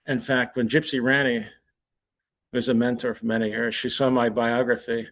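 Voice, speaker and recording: A man's voice: mid-range voice, little pitch movement, normal speed, a bit bright. A man presenting at a forum, telling anecdotes in a loose conversational way, chuckling at his own punchlines. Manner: conversational with restarts. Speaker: conference presenter. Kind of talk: anecdotal lecture.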